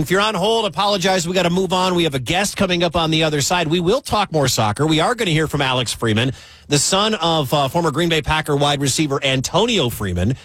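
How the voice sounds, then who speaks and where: A man's voice: a little high, no echo. A man hosting a call-in sports radio show, joking and bantering with callers. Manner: lively, jokey, fast banter with callers.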